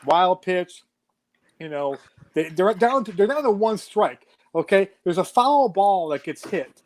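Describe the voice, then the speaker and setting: Man, 40s, high-pitched, lively casual storyteller who swears freely. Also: measured pace, slight background noise. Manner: animated storytelling with frequent swearing. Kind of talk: casual chat.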